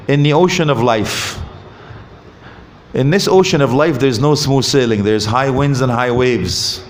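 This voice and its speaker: A man giving a lively talk on marriage at a mosque, asking the audience questions and joking. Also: mid-range voice, a little hiss or hum. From Canada. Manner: animated, asks the audience questions, jokes. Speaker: visiting Islamic speaker. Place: mosque hall. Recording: roomy hall with faint ambience.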